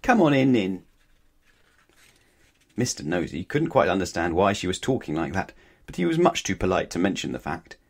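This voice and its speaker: A man reading a children's storybook aloud in a gentle, playful, unhurried way. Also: low-pitched, sing-song, slightly rough.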